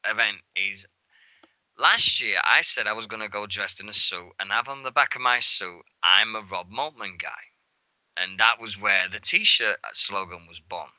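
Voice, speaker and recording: Chatty radio guy rambling about wrestling shows, swears a lot, bright punchy tone, bone-dry studio. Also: lowish voice, no echo, low-quality recording. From England. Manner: rambling and excitable, swears freely, acts out moments. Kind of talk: casual show recap chat.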